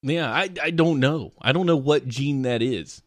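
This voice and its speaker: A man co-hosting a live stream in casual chat, telling animated stories and acting out the people in them. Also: mid-range voice, moderate pace, no echo, clean studio sound. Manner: animated storyteller, acts out quoted people. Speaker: streamer co-host.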